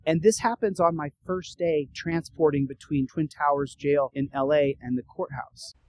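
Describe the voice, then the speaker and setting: A man telling a story in a casual, animated way, acting out the dialogue. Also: on the high side, moderate pace, poor audio. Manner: animated, acts out dialogue with rising urgency.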